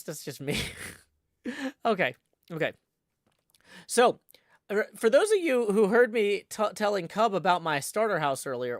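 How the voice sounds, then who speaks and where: A man's voice: on the high side, no room sound, clean studio sound. A man chatting casually on a livestream, rambling and playful with lots of restarts. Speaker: livestreaming gamer.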